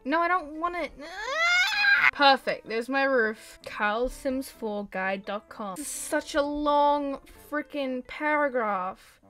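A woman chats her way through a game, her voice sitting a bit high and full of quick excitement. She talks to the pets on screen and gushes at every little moment. Faint game music plays underneath. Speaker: gameplay commentator. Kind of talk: casual let's-play commentary.

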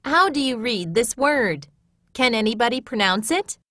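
A woman's voice: fairly high pitch, expressive, moderate pace, fairly bright tone, dry recording, clean studio sound. A woman reading a model classroom exchange in an encouraging, teacher-like way.

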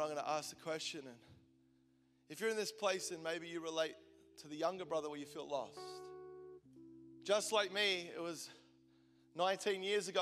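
A man in his forties preaches with a high, bright, forceful voice, moving between fervent bursts and near-whispered lines. His voice rings with long reverb in a large hall, and soft instrumental music sits underneath. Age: 40s. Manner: passionate storytelling, swinging from loud intensity to hushed tones. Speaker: pastor. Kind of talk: sermon.

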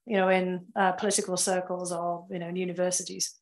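A woman with a carefully enunciated Northern English accent, answering interview questions in a measured, explanatory way with frequent fillers. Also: on the low side, little pitch movement, poor audio. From England. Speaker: guest, former security official.

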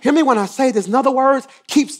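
A male pastor preaching a sermon, swinging from quiet asides to shouted emphasis and repeating phrases for effect. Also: very high voice, fast talker.

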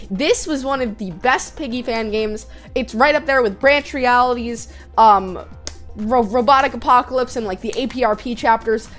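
A woman hosting a gaming channel, chatting excitedly through a let's-play with lots of filler words and quick restarts. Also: fairly high pitch, soft background music.

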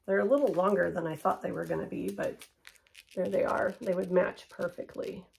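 Chatty woman with a gravelly edge. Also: lowish voice, steady tone, moderate pace, darkish tone, a little hiss or hum. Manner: chatty, upbeat, drops to a near whisper for close-ups. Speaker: shopping haul vlogger. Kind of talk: casual chat unboxing and try-on.

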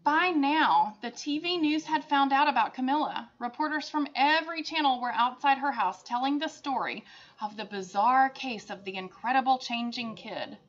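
A woman teacher reading a picture book aloud to children, expressive, with chatty asides. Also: sits high, normal speed. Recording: dull lo-fi sound.

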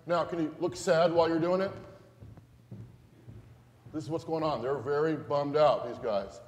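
In a large church sanctuary, a male pastor gives a playful, interactive children's sermon, quizzing the kids and getting them moving. His voice is a little high and darkish in tone, with lively intonation at a moderate pace, and the hall sounds echoey.

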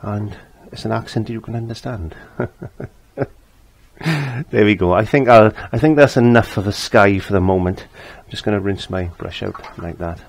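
This is an older man leading a relaxed painting tutorial. His voice sits low with a husky edge. He chats freely and circles back over his own phrases as he explains each step. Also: normal speed. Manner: chatty, repeats his phrases. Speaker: painting teacher.

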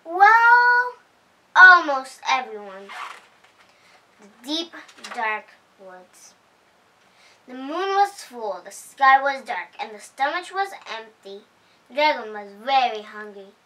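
A woman reads a children's picture book aloud at a slow, careful pace. Her voice is high and bright. She sits a little back from the mic. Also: distant mic, poor audio. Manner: slow, expressive reading with voiced character lines. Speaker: storyteller host.

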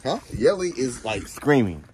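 Defensive, joking guy on a vlog, very animated pitch. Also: moderate pace. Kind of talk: casual vlog chat.

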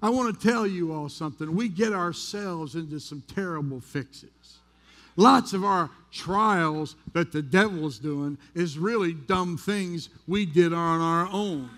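In a church sanctuary, an American pastor with a fairly high, slightly bright voice delivers a sermon at a measured pace. He addresses the congregation conversationally, telling candid, self-deprecating stories.

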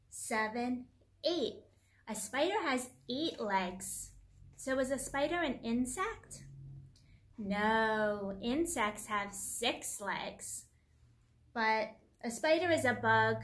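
A woman's voice: fairly high pitch, fairly bright tone. A woman hosting story time for young children, reading a picture book aloud in a sing-song teacher voice and making the animal sounds.

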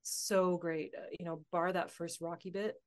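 A woman telling a personal story as a podcast guest, animated and laughing often as she talks. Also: on the low side, moderate pace. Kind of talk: casual conversational storytelling.

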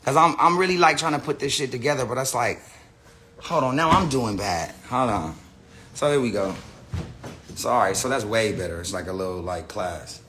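A man's voice: medium pitch, animated, normal speed, sharp tone, a little hiss or hum. An American man ranting on a casual phone livestream, rambling with lots of slang, profanity and restarts. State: says he is high. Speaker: live streamer. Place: indoor room with a big screen.

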